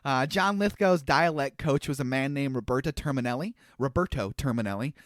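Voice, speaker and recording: A man's voice: medium pitch, brisk, dry recording, studio quality. A man in his thirties co-hosting a podcast, retelling a movie's plot in casual chat with frequent laughter and asides. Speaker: podcast co-host.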